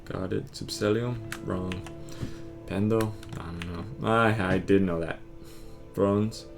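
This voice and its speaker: Low gravelly man muttering flashcard answers. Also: steady tone, slow, over music. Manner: terse, muttering one-word answers and verdicts. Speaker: vlogger drilling vocabulary. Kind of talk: muttered self-quizzing.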